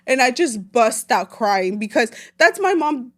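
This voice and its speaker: Speaking at a measured pace with a fairly high pitch, a woman from El Salvador in her late twenties recounts a personal story as a podcast guest. Her casual telling is lively and slangy, sprinkled with Spanish phrases amid the English.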